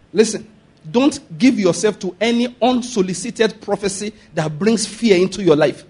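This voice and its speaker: A Nigerian-accented man preaching a sermon, animated, laughing often and asking the congregation if they follow. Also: high-pitched, normal speed, long pauses, breathy edge.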